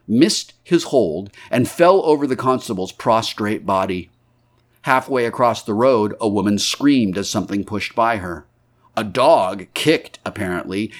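Reading from a classic novel for an audiobook, this man speaks in a fairly low pitch, keeping a measured yet expressive pace.

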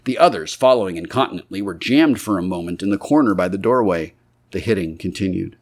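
A man reading a classic novel aloud as an audiobook narrator, in a measured, expressive way. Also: sits low.

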